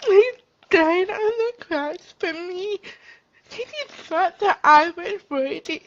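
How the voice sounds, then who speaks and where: Tearful high-voiced woman, lo-fi. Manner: earnest, tearful, halting. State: crying. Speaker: vlogger sharing testimony. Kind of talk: personal faith testimony. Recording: dull lo-fi recording.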